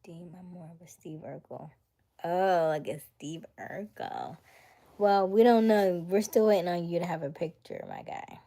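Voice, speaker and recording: A woman's voice: lowish voice, moderate pace, hardly any pauses, warm tone. A young woman hosting a casual livestream, chatting and reading viewer comments, sometimes slipping into a whisper. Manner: chatty, drops to a whisper at times. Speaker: livestream host reading chat. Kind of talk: casual live chat.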